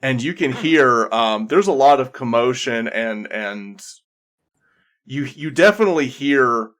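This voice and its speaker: A man running a tabletop game as game master, speaking at a middling pitch. He narrates the scene in second person, describing what the players hear and see, often restarting his sentences. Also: expressive, a little slow, a bit bright.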